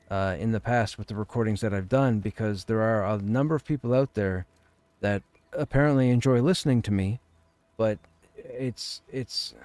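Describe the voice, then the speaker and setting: A man's voice: on the low side, a little mellow, dry recording. A man streaming a game, talking casually at length in a rambling, conversational way. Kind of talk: casual chat while streaming.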